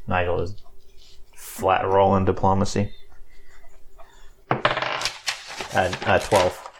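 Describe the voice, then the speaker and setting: A man's voice: low-pitched, flat delivery, background noise. Hesitant man playing a tabletop game. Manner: hesitant, halting, restarts sentences. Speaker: player.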